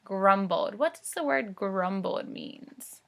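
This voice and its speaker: A woman teaching first graders to read, slowly sounding out words in a coaxing voice. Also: medium pitch, animated, creaky, a bit bright. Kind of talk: phonics read-aloud lesson.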